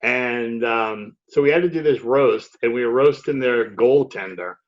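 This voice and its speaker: A comedian guest who hosts a morning radio show, telling a story in a casual chat with recalled quotes. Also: male voice, mid-range voice, a little slow, highs cut off.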